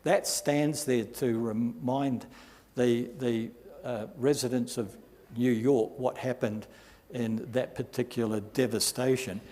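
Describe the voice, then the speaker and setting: A man preaching a sermon as pastor, reading scripture aloud with rising force and slowing down for emphasis. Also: medium pitch, steady tone, dark tone. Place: church hall. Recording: long hall reverb in a church.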